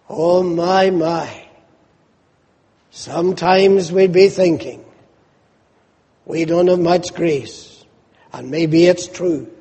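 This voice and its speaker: A man's voice: on the high side, mellow. A man preaching a sermon with fervent, emphatic declarations. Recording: long hall reverb.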